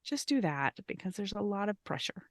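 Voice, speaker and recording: A woman's voice: mid-range voice, big pitch swings, a little fast, dry recording, studio quality. A woman co-hosting a podcast, talking candidly in casual chat, still coughing a little. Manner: candid, reflective, trailing off mid-thought. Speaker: podcast co-host.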